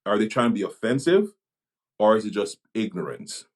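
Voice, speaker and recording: A man from Jamaica with a fairly low voice talks as a pastor and police chaplain in a relaxed podcast chat. He thinks aloud, trips over his first words and starts again, and then lands his point with calm conviction. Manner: reflective, halting, many restarts. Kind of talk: podcast conversation.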